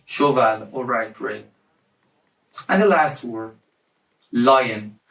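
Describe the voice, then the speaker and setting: Man, language tutor, slow and deliberate, repeats each word, roomy far-off mic, faint music under. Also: mid-range voice, expressive, gravelly, fairly bright tone. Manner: slow, repeats each word several times for the viewer to copy. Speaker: language teacher. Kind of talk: casual online language lesson. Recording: echoey room, mic at a distance.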